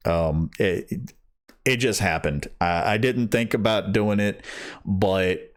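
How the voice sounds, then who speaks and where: A man reading an audiobook, talking casually to listeners afterwards in a slow, rambling way that keeps correcting itself. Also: fairly low pitch. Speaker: audiobook reader.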